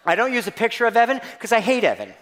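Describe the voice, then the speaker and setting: A man giving a keynote talk to staff, telling a comic story in an animated, playful, mock-outraged way. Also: sits high, slight background noise. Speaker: keynote speaker. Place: large hall. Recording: long reverb of a large hall.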